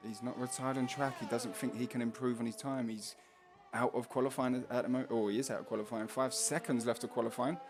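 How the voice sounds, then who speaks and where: A man's voice: mid-range voice, fairly even intonation, fast, music in the background. A man with a Cockney accent giving casual, jokey live race commentary, laughing often.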